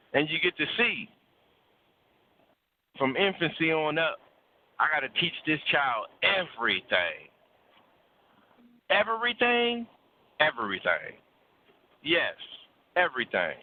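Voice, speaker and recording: A man with a fairly high voice lectures bluntly and preachily, swearing freely and hammering points by repeating words. He is heard over a thin, phone-like call line with little low end. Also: a little hiss or hum. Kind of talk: casual call-in talk about relationships.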